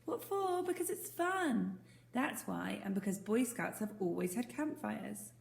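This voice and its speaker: A woman's voice: medium pitch, normal speed, vocal fry, darkish tone. A woman voicing a cheerful, confident young Boy Scout who talks in a breezy, teasing way. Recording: roomy echo.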